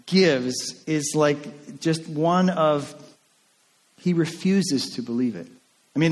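A man preaching a sermon in a casual, animated way, acting out the lines of the people in the story. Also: on the high side, in a large hall. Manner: conversational and animated, acting out quotes. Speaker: pastor.

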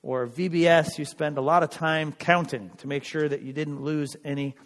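A male pastor preaching a sermon in a church, earnest and conversational, with emphatic pauses. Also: on the high side, fairly even intonation, big-room sound.

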